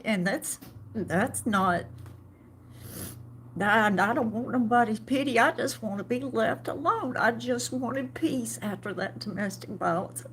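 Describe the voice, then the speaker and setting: A middle-aged woman tells her story in an emotional personal vlog, halting and restarting often. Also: medium pitch, slight background noise. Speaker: vlogger.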